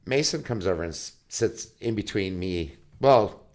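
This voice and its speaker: A father chatting casually, telling an animated family story, acting out quotes and swearing freely. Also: on the low side, normal speed. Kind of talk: casual chat.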